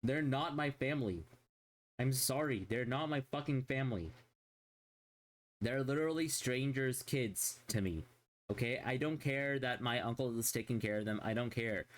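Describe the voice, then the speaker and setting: A man's voice: mid-range voice, moderate pace. A man streaming a casual chat, rambling and swearing constantly as he rants in exasperation.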